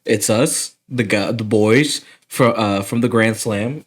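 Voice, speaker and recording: A man's voice: fairly low pitch, slow, few pauses. A man hosting a podcast in casual chat, loose and friendly, stumbling over his words. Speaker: podcast host.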